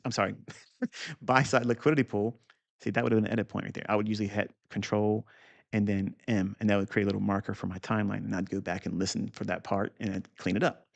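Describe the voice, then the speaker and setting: A man's voice: lowish voice, gravelly. A middle-aged man giving an unscripted trading lesson in a blunt, profane way, with rambling asides. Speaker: trading teacher.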